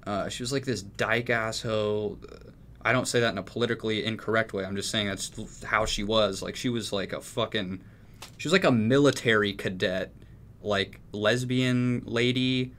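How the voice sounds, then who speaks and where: A man's voice: lowish voice, fairly even intonation, moderate pace, fairly bright tone, a little hiss or hum. A young man from Texas telling a story in casual chat, rambling and swearing freely. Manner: profane, rambling, laid-back. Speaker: music producer.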